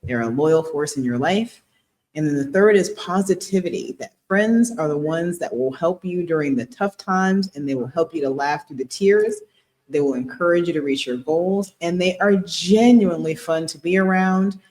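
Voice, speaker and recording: A woman's voice: on the low side, normal speed, darkish tone. A woman co-hosting a podcast as a relationship therapist, talking earnestly and explaining things in casual chat, often breaking into giggles.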